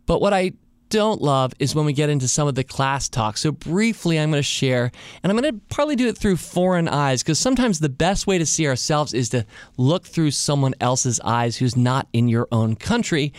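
A man hosting a podcast alone. He talks casually and thinks out loud, and he asks many rhetorical questions. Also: on the high side, no room sound. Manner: reflective, full of rhetorical questions. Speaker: podcast host. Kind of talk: casual solo monologue.

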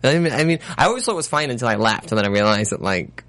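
A man's voice: mid-range voice, expressive, very fast, a bit bright. A man from Australia with a mild Australian accent, a guest chatting casually in a dry, self-deprecating way with lots of "like". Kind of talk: casual interview chat.

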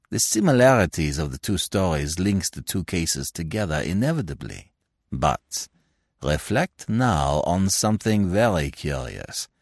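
A fussy, self-assured older Belgian detective , as a male narrator puts him on, lecturing with precise logic and brushing off sentiment. The voice sits deep and swings widely in pitch. It is recorded dry and close. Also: no echo, exaggerated voice. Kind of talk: audiobook character reading.

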